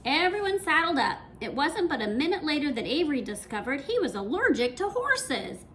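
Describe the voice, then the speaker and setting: Woman, high voice, very lively pitch, storybook read-aloud, faint background noise. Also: fairly quick. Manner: expressive, animated reading. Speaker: reader. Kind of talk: reading a children's storybook aloud.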